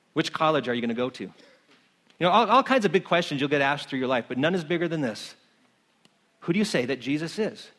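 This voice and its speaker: A middle-aged male pastor delivering a sermon, with a voice that sits a little high for a man. He explains calmly, then climbs to fervent, near-shouted emphasis.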